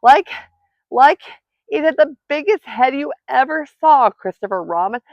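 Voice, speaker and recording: A woman's voice: expressive, a little slow, dry recording. Piglet, a squealing panicky little piglet, as a woman puts him on. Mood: breathless, stammering. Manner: shrill frantic squealing, stammering. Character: small timid male piglet, panicky. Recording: dull lo-fi dry recording.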